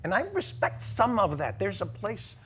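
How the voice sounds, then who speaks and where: A man's voice: sits high, animated, normal speed, a bit bright, slight background noise. A man who is an actor and guest on a talk show, speaking reflectively and earnestly with another guest.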